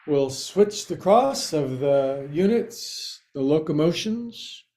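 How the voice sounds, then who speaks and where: A man guiding a yoga class, giving slow cues with playful, quirky asides. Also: fairly high pitch, expressive, darkish tone. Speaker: yoga teacher.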